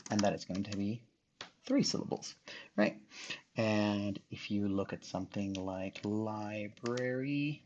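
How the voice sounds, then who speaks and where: A man's voice: fairly low pitch, slow, a little mellow. A male teacher giving a recorded phonics lesson, patiently sounding out syllables and letters one by one. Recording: dull lo-fi recording.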